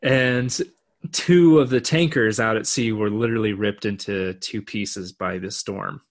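A man's voice: fairly low pitch, measured pace. Man co-hosting a casual podcast. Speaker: podcast co-host. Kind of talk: casual chat.

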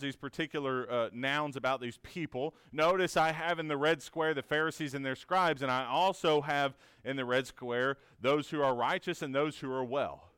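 A man's voice: on the high side, fairly bright tone, clean tone, dry recording, studio quality. A man teaching a conversational Bible lesson in an earnest, encouraging way, asking many rhetorical questions and often checking in with "right?".

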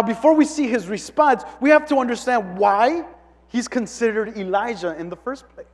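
A male preacher teaching a casual sermon, talking conversationally with frequent "like" fillers and quick restarts. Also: sits high. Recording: long reverb of a large hall.

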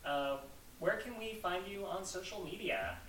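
A podcast host, a man, rambles through casual chat with plenty of "like" fillers. His voice is bright and a little high, and it sits in an echoey room some way from the mic. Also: very animated, measured pace, far from the mic, slight background noise.

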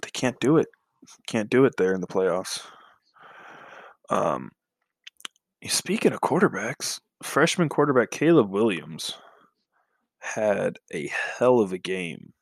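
A man's voice: lowish voice, big pitch swings, slow, gravelly, long pauses, no echo. A man co-hosting a casual sports podcast, talking hesitantly with lots of fillers and sighs.

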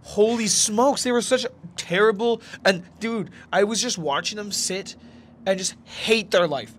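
A young man chats on a casual podcast, rambling through his stories in loose slang. His voice sits a little high, and a faint hiss runs under the recording. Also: a little slow, fairly bright tone. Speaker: podcast co-host. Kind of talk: casual chat.

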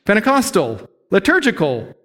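A man's voice: high voice, wildly swooping pitch, normal speed, fairly bright tone, in a large hall. A middle-aged male pastor giving a candid, conversational sermon, openly sharing his own struggles with the congregation. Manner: candid, conversational, self-disclosing. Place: church sanctuary.

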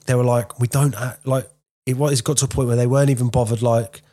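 A man's voice: mid-range voice, steady tone, fast, warm tone. A man sharing a painful experience bluntly in a candid conversation.

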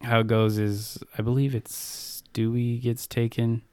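A man co-hosting a casual podcast, explaining his views in a measured, low-key way. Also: flat delivery, mellow, clean tone, no room sound, clean studio sound. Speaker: podcast co-host.

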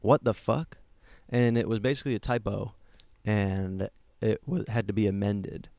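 A man's voice: lowish voice, steady tone, normal speed, creaky, darkish tone, no echo. A man co-hosting a casual comedy podcast, telling self-mocking stories in a joking way. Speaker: podcast co-host.

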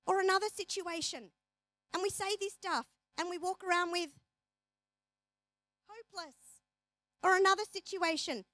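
Woman, motivational speaker, high voice, animated storyteller, dry sound. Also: moderate pace, pauses often, dry recording, poor audio. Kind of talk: motivational talk.

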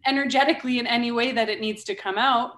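A woman's voice: a little high, fairly even intonation, quick pace, fairly bright tone, reverberant. A woman speaking bluntly in a casual podcast conversation, swearing freely and laughing often. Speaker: guest, founder of a mothers' group.

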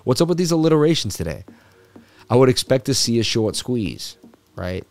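A crypto livestream host talks through market charts in a loose, jokey way, riffing and repeating himself. His mid-range voice is sing-song and a little mellow at normal speed, with faint music in the background.

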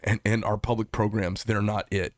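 Brief: middle-aged male host, low-pitched, opinionated and rambling, close dry sound. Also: dry recording. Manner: passionate, rambling, opinionated with laughs. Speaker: talk show host. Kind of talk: political interview.

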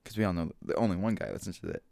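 A man's voice: deep voice, very animated, rapid-fire, vocal fry, dark tone, no room sound. A man rambling casually on his own show, goofy and self-mocking, talking at home into a desk microphone. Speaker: solo podcaster. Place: home room with washer and dog. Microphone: desk mic with gain control.

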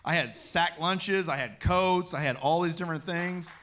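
A man with a fairly high voice preaching his own testimony. His tone is bright and forceful. He tells his story with energy and acts out the lines he once spoke. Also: normal speed, a little hiss or hum. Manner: animated storytelling, acting out his own quotes. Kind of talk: personal testimony sermon.

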